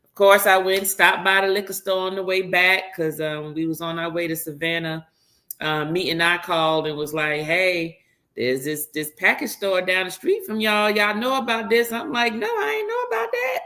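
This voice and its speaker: Female co-host, lowish bright voice, chatty and relaxed. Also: moderate pace. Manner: relaxed and chatty, greeting viewers with fillers. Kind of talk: casual live-stream chat.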